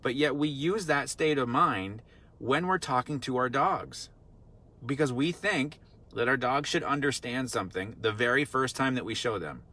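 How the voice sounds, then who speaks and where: A man's voice: medium pitch, moderate pace, bright, forceful tone. A man working as a dog trainer, explaining in a casual teaching talk, earnest and repetitive, full of rhetorical questions. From Vermont.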